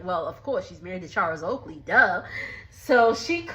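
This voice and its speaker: A woman's voice: medium pitch, expressive, unhurried, fairly bright tone. Chatty young woman recapping at home. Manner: chatty, laughing often, slangy. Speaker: recap vlogger. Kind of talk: casual recap chat. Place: home kitchen dining area.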